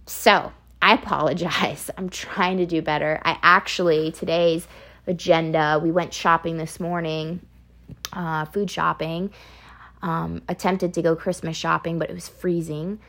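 A woman's voice: sits low, flat delivery, measured pace, a bit bright. A young woman hosting a casual solo podcast, chatty and rambling, laughing often, with a slight picked-up Southern twang. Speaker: podcast host.

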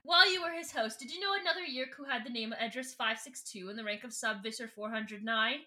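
A woman voicing a scheming, grandiose male alien warlord with theatrical, drawn-out proclamations. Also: a little high, sharp tone. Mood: menacing.

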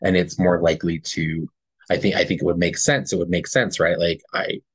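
A man's voice: low voice, flat delivery, fairly quick, slightly rough, dry recording. A man co-hosting a podcast, earnestly telling a personal story in a rambling, casual way and often checking in with "right?". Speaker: podcast co-host.

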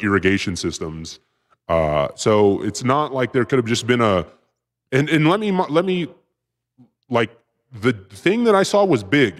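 Rambling, profane male storyteller. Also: lowish voice. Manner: profane, rambling, with filler words; excited bursts when retelling action. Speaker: podcast guest. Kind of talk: casual storytelling.

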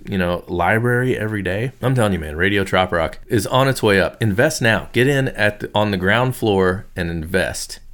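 A man's voice: on the low side, moderate pace, few pauses, a bit bright. A man hosting a radio show, chatting casually in a loose, joking, rambling way with lots of fillers and restarts.

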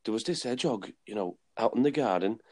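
A man's voice: medium pitch, expressive, quick pace, a little mellow, lightly acted. A man putting on a confused, earnest male radio caller who speaks in a hesitant, bewildered way.

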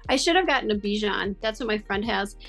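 A woman talking in a casual chat, chatty and animated with lots of fillers. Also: medium pitch, brisk, vocal fry, soft background music.

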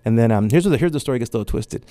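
Fast, animated storytelling man. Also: mid-range voice, no echo. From Mexico. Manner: animated storyteller acting out quotes. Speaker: artist and guest. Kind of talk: storytelling interview.

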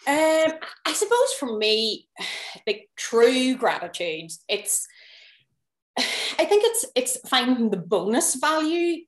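A woman's voice: high-pitched, sing-song, slow. Thoughtful Northern Irish woman, echoey. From Northern Ireland. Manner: thoughtful, hesitant, laughs easily. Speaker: podcast guest. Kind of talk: casual interview chat.

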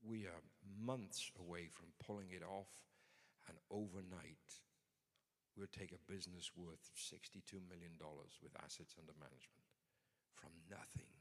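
Preaching a sermon, a man speaks in a low, steady voice at a moderate pace, his sound filling a big room. He keeps it conversational yet emphatic, building toward forceful points.

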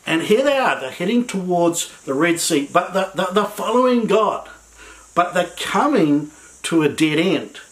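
A man delivers a sermon in a relaxed, conversational way, stumbling over and repeating words as he builds his points. His voice sits a little on the high side, and he leans into key lines with lively emphasis. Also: a little slow, poor audio. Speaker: preacher.

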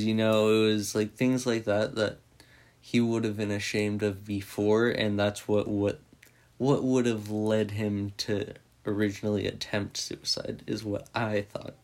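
A man's voice: on the low side, a little mellow. A man giving a casual, rambling spoken recap of a movie, full of "like" and swearing freely. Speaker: movie reviewer.

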